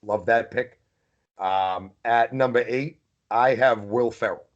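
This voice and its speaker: A man's voice: medium pitch, slow, lo-fi sound. A man with a New England accent, co-hosting a podcast in casual chat, speaking emphatically and with animation. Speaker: podcast co-host.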